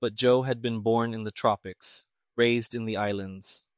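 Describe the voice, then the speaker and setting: A man narrating a story in a steady, even reading voice. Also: fairly low pitch, unhurried, smooth, no room sound, clean studio sound. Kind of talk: scripted audiobook narration.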